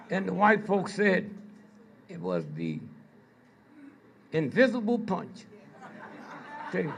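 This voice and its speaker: An older man telling stories to a live audience, prodding listeners with repeated "Hmm?" and "Huh?" between pointed pauses. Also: high voice, fairly bright tone. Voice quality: gravelly, husky. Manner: slow, drawn-out delivery with pointed pauses. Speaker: speaker addressing an audience. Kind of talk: storytelling lecture to a live audience.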